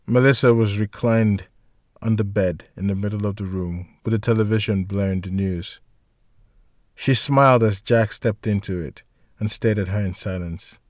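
A man narrates a scripted audiobook, his measured, steady delivery pitched on the low side. The recording has no echo and clean studio sound.

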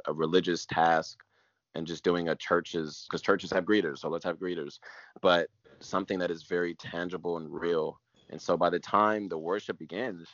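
A man's voice: low voice, a bit bright, no echo, lo-fi sound. A man, a pastor, giving an emotional personal testimony in an earnest way, repeating phrases and sometimes dropping almost to a whisper.

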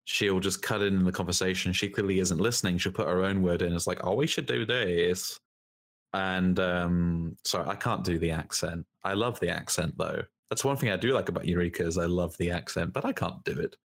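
A man's voice: sits low, fairly quick, few pauses. A man co-hosting a podcast, chatting casually and bluntly, often cutting in. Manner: talks over his co-host, blunt opinions. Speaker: podcast co-host. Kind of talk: casual chat.

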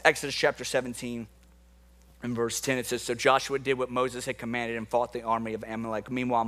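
A pastor preaching to his congregation in a high, bright voice. He jokes around and calls out to people in the room before reading scripture. His delivery is animated and playful. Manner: playful, jokey and animated with the crowd. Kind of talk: sermon. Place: church hall with a congregation.

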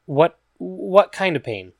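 A man voicing a caring, determined woman in a storybook reading who asks gentle questions and sometimes speaks in a hush. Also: high voice, animated, slow pace, vocal fry, no echo, clean studio sound, voice pushed up, full character voice. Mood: gently probing. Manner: gentle questioning, hushed at times.

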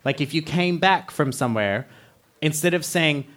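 Australian man, somewhat high voice, casual podcast chat, laughs a lot. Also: normal speed. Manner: laughs often, animated storyteller.

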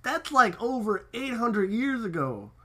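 A man's voice: very high voice, sing-song, measured pace, bright, forceful tone. A man chatting casually and enthusiastically, rambling with lots of filler words as he recaps a cartoon episode. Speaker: podcast co-host.

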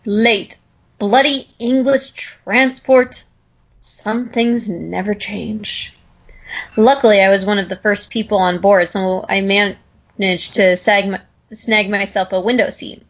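A woman on a casual podcast reads a spooky story aloud. She chats loosely between passages and often pauses mid-sentence to search for words. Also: mid-range voice, fairly even intonation, low-quality recording. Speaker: podcast co-host. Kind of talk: casual chat and story reading.

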